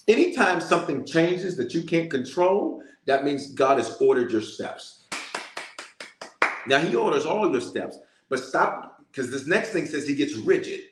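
Male preacher, animated storyteller, middle pitch, echoey room. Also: a little fast. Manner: storytelling, animated, calls out to listeners. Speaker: bishop. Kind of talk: sermon-style prayer message.

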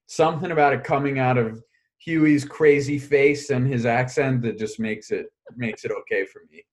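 A man co-hosting a casual reality TV recap podcast, relaxed and joking. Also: medium pitch, normal speed. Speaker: podcast co-host.

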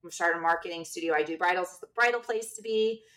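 A woman co-hosting a casual chat, telling stories in a lively way and acting out the lines of the people in them. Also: on the low side, quick pace, recorded from a distance. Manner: animated, acts out quoted dialogue. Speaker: podcast co-host and bridal shop owner.

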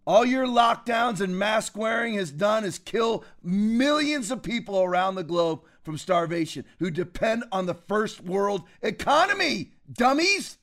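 A man hosting a political commentary show, ranting fiercely and preaching, with sudden loud outbursts. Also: high-pitched, very animated, measured pace, hardly any pauses.

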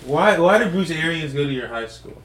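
A man co-hosting a casual podcast, joking loudly and repeating himself. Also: on the high side, animated, fairly quick. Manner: loud joking, repeats words. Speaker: podcast co-host. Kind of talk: casual banter. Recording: echoey room with faint noise.

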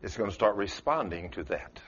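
On a dull, lo-fi recording from a church sanctuary with a congregation present, a man with a lowish, husky, slightly bright voice preaches at normal speed. He's expressive and folksy, telling stories in Southern phrasing and acting out quotes.

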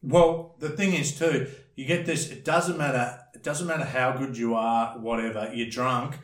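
An Australian man tells stories in a loose, rambling way, blunt and heavy on slang. His voice sits in an ordinary middle pitch. The room around him gives the sound a clear echo. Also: fairly even intonation, moderate pace. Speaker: podcast guest, former bouncer. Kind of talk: casual storytelling chat. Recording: roomy echo.

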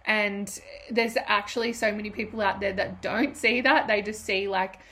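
A woman's voice: medium pitch, fairly even intonation, normal speed, bright, forceful tone. A woman, hosting a solo podcast in a rambling, emotional way and swearing freely. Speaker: podcast host. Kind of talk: casual solo podcast talk.

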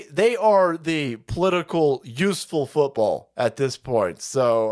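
A man rants on his livestream in a foul-mouthed, mocking way. His voice sits fairly high and swings widely in pitch. He often laughs between phrases. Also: expressive, slow pace, hardly any pauses, a little mellow. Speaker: livestream host. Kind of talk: profane political rant stream.

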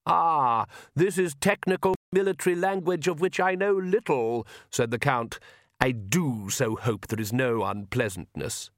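A man reading an audiobook, voicing a suave, theatrical male vampire count who talks in a smooth, amused and condescending way. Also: mid-range voice, measured pace, no echo, studio quality, close to an everyday voice.

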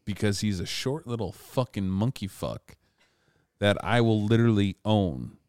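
A man's voice: lowish voice, animated, unhurried, a little mellow, no room sound, studio quality. A man co-hosting a casual podcast, telling a long rambling story full of swearing. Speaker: podcast co-host.

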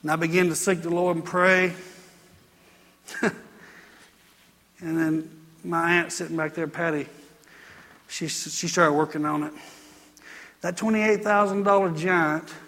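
Male pastor, emphatic repetitive sermon delivery, high voice, echoing sanctuary. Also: steady tone, measured pace, long pauses, fairly bright tone. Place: church sanctuary.

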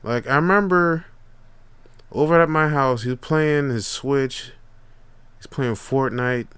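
A man's voice: mid-range voice, slow pace, clear, resonant tone, no room sound. A young man hosting a podcast, telling casual stories with lots of profanity and slang. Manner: profane, animated, laid-back slang. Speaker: podcast host. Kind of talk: casual storytelling monologue.

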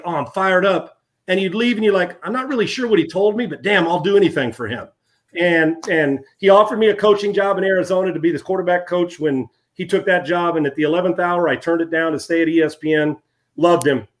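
A man in his fifties with a slightly raised voice tells old team stories as an interview guest. He is animated, tripping over and repeating words as the anecdotes pour out, in an easy, casual way. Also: high voice. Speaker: guest, former football player. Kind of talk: casual storytelling.

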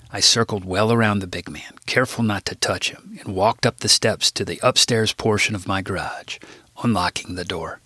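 A man reading his own book aloud in a wry, deadpan narration. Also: on the low side, normal speed, breathy edge, no echo, studio quality. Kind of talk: audiobook narration.

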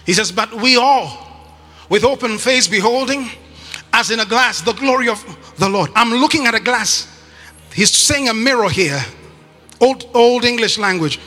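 High, bright-voiced preacher man. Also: lively intonation, normal speed, in a large hall. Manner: emphatic, often shouting, repeats phrases to the congregation. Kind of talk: sermon.

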